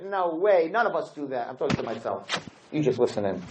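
A man's voice: mid-range voice, very animated, a little fast, darkish tone. A man giving a lecture to a live audience, rhetorical and playful, acting out little scenes as he goes. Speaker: Torah lecturer. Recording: dull lo-fi lecture recording with faint hiss.

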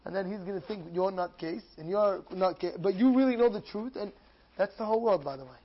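A man giving an animated Torah class as a rabbi, acting out dialogues and repeating phrases with mounting excitement. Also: sits high, a little fast, lo-fi sound, slight background noise. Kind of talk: animated sermon.

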